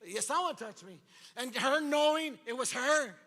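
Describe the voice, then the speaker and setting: Man, pastor, sermon, very high voice, animated, long hall reverb. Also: normal speed. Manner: animated, acts out the scripture voices. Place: large church hall.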